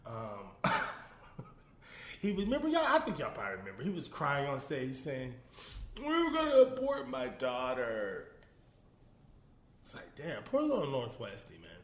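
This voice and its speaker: A man hosting a casual solo commentary show, animated, laughing often and talking straight to his viewers. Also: mid-range voice, echoey room. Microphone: phone.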